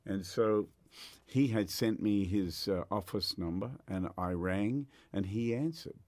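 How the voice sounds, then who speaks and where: An older Australian man, a guest musician, telling stories in a chatty, animated way with lots of fillers in a radio interview. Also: fairly low pitch, a little slow, no room sound. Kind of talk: casual storytelling in a radio interview.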